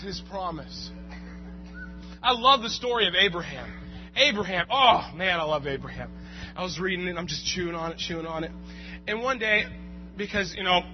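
Animated high-voiced man preaching. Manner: animated, swings from quiet asides to loud shouts. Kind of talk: sermon. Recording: muffled recording with music and hum.

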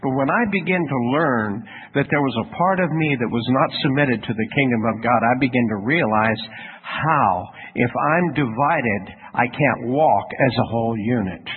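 A man's voice: medium pitch, normal speed. Tinny folksy male preacher. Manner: folksy storytelling preacher who asks the audience questions. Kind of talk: sermon. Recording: tinny phone-like radio sound with faint noise.

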